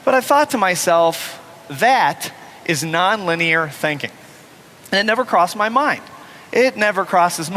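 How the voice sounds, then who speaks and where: A man giving a motivational keynote, telling a story with lively acted-out voices. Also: fairly high pitch, slight background noise. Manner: animated, acts out the voices in his story. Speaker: motivational speaker. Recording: echoey hall with faint ambience.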